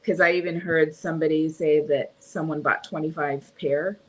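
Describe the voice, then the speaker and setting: A woman's voice: low-pitched, fairly even intonation, moderate pace. A woman with a Californian accent, chatting casually as a podcast co-host, rambling and laughing often. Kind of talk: casual chat.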